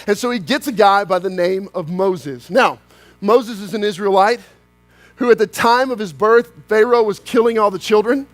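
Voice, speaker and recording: A man pastor preaching a sermon, telling a story and acting out its dialogue, sometimes slowing down hard for emphasis and then rushing ahead. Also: high-pitched. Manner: storytelling, acts out dialogue, shifts between slow emphasis and quick bursts.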